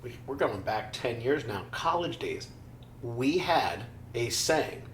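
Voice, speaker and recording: A man's voice: mid-range voice, slow pace. A young adult man chats on a podcast in a laid-back way and delivers absurd jokes with a straight face. His voice carries a roomy echo, with faint noise behind it. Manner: laid-back, dry deadpan humor. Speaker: podcast co-host. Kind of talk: casual podcast chat.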